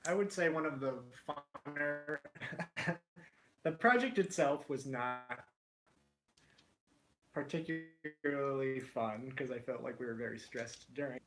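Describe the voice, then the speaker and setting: A man chatting as a guest in a relaxed, easygoing way and laughing easily. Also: medium pitch, faint music behind. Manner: relaxed and amused, quick to laugh. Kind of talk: casual chat.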